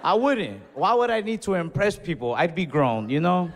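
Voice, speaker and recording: A man's voice: high-pitched, sing-song, normal speed, creaky. A man doing stand-up comedy, telling a story in a casual, profane, exasperated way on a club stage. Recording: reverberant venue with faint audience noise.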